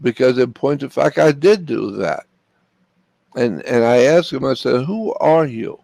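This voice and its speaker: Older man from Florida, gravel in the voice, dry close sound, earnest storyteller. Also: mid-range voice, measured pace, darkish tone, no echo. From Florida, USA. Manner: earnest, repeats phrases for emphasis. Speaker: interview guest. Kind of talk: personal storytelling.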